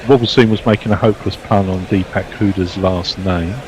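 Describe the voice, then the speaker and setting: A man's voice: deep voice, steady tone, a little fast, a little mellow, slight background noise, poor audio. Man reading out listener comments. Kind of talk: casual live chat.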